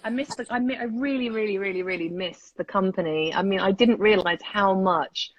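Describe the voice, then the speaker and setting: A woman with a dry, close sound, chatting casually on a live video call. She is blunt and jokey, quick with a teasing reply. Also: medium pitch, dry recording, lo-fi sound. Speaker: co-host of a live video chat. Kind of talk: casual chat.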